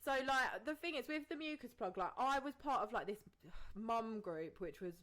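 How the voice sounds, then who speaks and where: Lively high-voiced woman co-host. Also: moderate pace. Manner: animated, laughing, chips in with tips and swearing. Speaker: podcast co-host. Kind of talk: casual chat.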